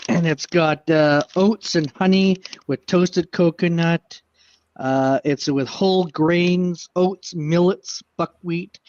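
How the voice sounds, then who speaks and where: A man with a slightly raised pitch rambles and hesitates through casual livestream talk, full of "uh" and "like". His voice comes through dull, lo-fi stream audio that sounds dry and close. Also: fairly even intonation, slow, darkish tone, no room sound.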